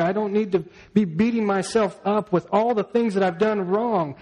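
A man's voice: sits high, normal speed, hardly any pauses, a little mellow, rough recording. A male pastor preaching a sermon, telling a story and asking the congregation questions.

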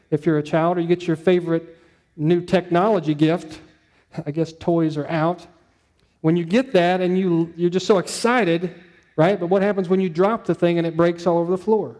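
Mellow-voiced man preaching casually. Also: sits high. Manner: conversational, storytelling, frequent "um" and "right?". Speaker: pastor. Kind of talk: sermon.

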